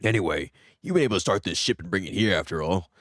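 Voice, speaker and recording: A man voicing a jovial, boastful old male shipbuilder and salesman, straining to sound gruff while reading game dialogue aloud. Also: low voice, lively intonation, fast, fairly bright tone, no echo, clean studio sound.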